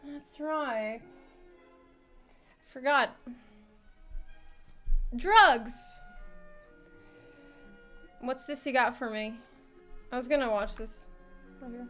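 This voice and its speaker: Woman, streamer, tired, casual chat, laughs often, high voice, faint music behind. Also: drawn-out words, long pauses, fairly bright tone.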